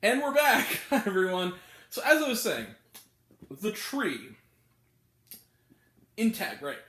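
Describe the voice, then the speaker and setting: A woman's voice: medium pitch, wildly swooping pitch, slow, fairly bright tone, echoey room. A woman reviewing a movie in a casual rant, incredulous, often laughing and swearing freely. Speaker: film reviewer.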